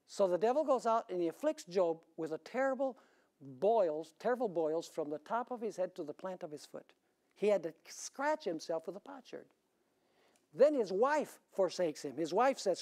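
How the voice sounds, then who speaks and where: A male pastor delivering a sermon, asking rhetorical questions and swinging suddenly between loud, high emphasis and quiet lows. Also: animated, moderate pace.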